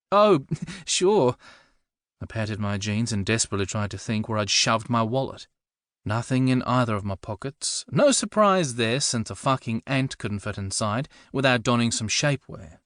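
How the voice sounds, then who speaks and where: A man's voice: fairly low pitch, fairly bright tone, no echo. A man reading first-person narration for an audiobook with a dry, wry comic delivery.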